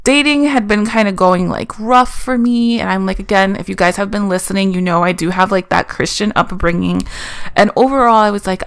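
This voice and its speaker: Creaky-voiced woman podcast co-host. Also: mid-range voice, brisk, no echo. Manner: chatty storytelling, frequent "like" fillers. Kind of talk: casual chat.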